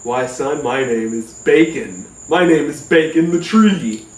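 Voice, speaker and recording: A man voicing a slow, solemn, fatherly talking tree that lectures in a grave, drawn-out way. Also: mid-range voice, far from the mic, pitched below the performer's own voice, natural voice. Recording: roomy echo, off-mic.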